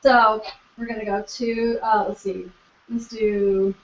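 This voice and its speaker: A woman's voice: medium pitch, steady tone, a little slow, music in the background. A woman teaching violin online, patient and encouraging, singing out bowing syllables as she guides a young student. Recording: roomy, dull lo-fi video call with violin. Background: violin playing.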